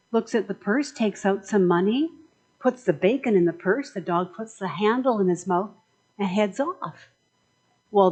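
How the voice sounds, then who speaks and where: A woman's voice: medium pitch, slightly rough, poor audio. A woman minister giving a chatty, joking sermon in a conversational way.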